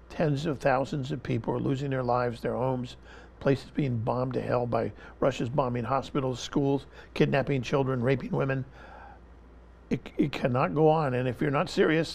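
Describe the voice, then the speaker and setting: Speaking at a medium pitch with vocal fry and a touch of mellowness, a man guests on an interview. He gives passionate, emphatic political commentary, pressing one point repeatedly and continuing to talk over interruptions.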